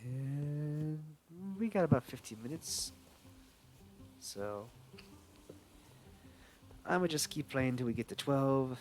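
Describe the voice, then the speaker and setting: A young man rambles casually while he streams a game, his voice sitting at an ordinary middle pitch. He is playful and reads the game's dialogue aloud as he goes, with soft music underneath. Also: expressive, slow, long pauses. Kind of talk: casual live-stream gameplay chat.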